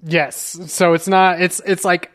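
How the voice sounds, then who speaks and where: An American man hosting a casual panel chat over a video call, halting with many fillers and restarts. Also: high voice, level tone, fairly bright tone. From United States. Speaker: podcast host.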